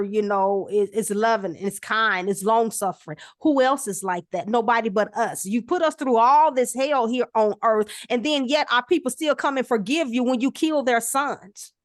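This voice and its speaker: A woman's voice: fairly high pitch, dry recording, clean studio sound. A woman in casual discussion as co-host, telling stories with animation and acting out the exchanges she quotes.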